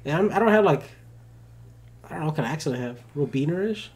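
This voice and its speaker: A man's voice: a little high, animated, quick pace. A young man co-hosting a podcast, joking and telling stories in casual chat, sometimes slipping into playful put-on voices. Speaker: podcast co-host.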